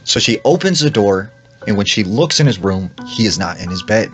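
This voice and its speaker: A man with a lowish voice tells a spooky tale in a relaxed way, filling it with "like" and performed quotations. He speaks at normal speed with lively intonation while soft music plays underneath.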